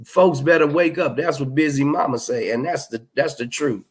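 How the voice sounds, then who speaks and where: A man's voice: fairly high pitch, normal speed. A middle-aged man, hosting a livestream and reading out chat comments in a blunt, emphatic, profane way. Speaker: livestream host.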